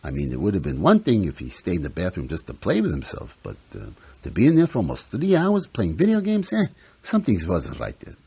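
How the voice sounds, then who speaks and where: A man's voice: sits low, huge pitch swings, brisk, gravelly, mellow, husky, full character voice. A man performing a comic stage monologue as an exasperated psychiatrist in his sixties and a grumbling grandfather, ranting and complaining with Yiddish words.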